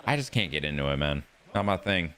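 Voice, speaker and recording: A man live-streaming a baseball video game, chatting casually and rambling excitedly to his viewers as he plays. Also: rumbling low, brisk, clear, resonant tone. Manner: rambling, excitable, talks to chat while playing.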